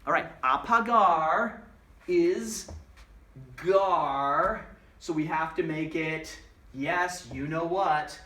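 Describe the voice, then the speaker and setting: A man teaches a recorded lesson in a relaxed, chatty way, spelling words out and asking himself questions. His voice sits a little high. The room sounds echoey, and he stands some way back from the mic. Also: very slow, recorded from a distance. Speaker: Spanish teacher.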